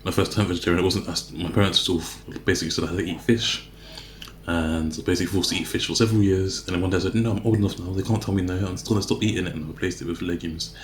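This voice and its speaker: In a casual eating vlog, a man chats to the camera, wandering off topic and correcting himself partway through sentences. His voice sits low with a steady tone, he races along, and the reverberant sound has slight background noise.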